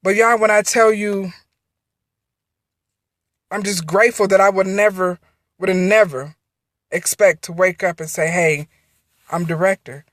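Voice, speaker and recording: A woman's voice: mid-range voice, fairly even intonation, unhurried, pauses often, no echo, clean studio sound. A woman giving an emotional, faith-filled testimony on a phone livestream, repeating herself as she speaks from the heart. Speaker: network marketing director.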